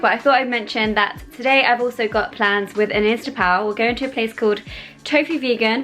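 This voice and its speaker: A woman's voice: fairly high pitch, a bit bright. A young woman in her twenties talks through her week in a casual vlog. She sounds chatty and upbeat and speaks straight to her viewers, with faint music playing beneath her voice. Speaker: vlogger, radiographer.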